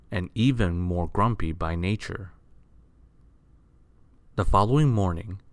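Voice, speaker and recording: A man reading a children's picture book aloud, expressive and asking the listener questions. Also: low voice, dry recording. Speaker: storyteller.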